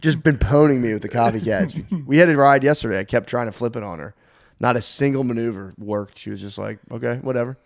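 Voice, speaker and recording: A man's voice: medium pitch, fast talker. A man in his thirties hosting a casual podcast, telling family stories with lots of laughter and acted-out voices. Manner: animated storyteller, laughs often, acts out voices. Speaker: podcast host. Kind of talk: casual chat.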